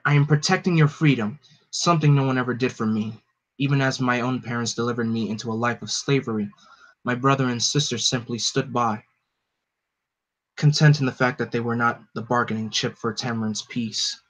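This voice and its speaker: A man's voice: mid-range voice, fairly bright tone, pitched below the performer's own voice. A man voicing a proud female alien princess who speaks in a formal, stilted, commanding way. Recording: dull lo-fi recording.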